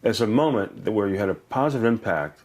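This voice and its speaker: Older male educator guest, low voice, lively anecdotes with laughter. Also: quick pace. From Brooklyn, New York. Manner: animated, laughs often, acts out voices in stories. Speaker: educator and author, interview guest. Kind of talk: warm anecdotal storytelling.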